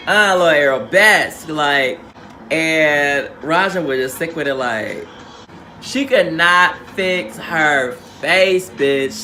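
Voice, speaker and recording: A man's voice: fairly high pitch, sharp tone. A man recapping a reality show in a sassy, slangy, theatrical storytelling manner. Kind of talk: casual recap commentary.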